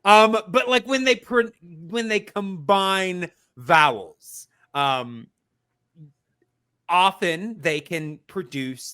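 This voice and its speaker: Give me a man chatting on a podcast, slow and deliberate, with a bright edgy voice. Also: fairly high pitch. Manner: slow, explanatory, many fillers and restarts. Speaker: podcast co-host. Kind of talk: casual podcast chat, mock mini-lesson.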